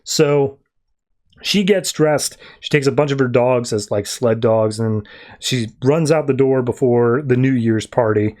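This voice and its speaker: A man's voice: mid-range voice, measured pace, darkish tone. A man hosting a podcast, casually recapping a comic in a loose, rambling way and breezily quoting the characters. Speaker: podcast host.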